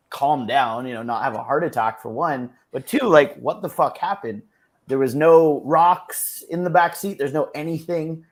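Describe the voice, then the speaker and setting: Laid-back man telling a profane story. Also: fairly high pitch. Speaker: podcast co-host. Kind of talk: casual chat.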